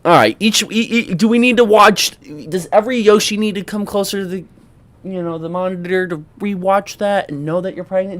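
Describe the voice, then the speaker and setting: Hosting a reaction commentary, a young man talks casually with his viewers, exclaiming and joking in an animated way with sarcastic asides. His voice is high and his pace moderate.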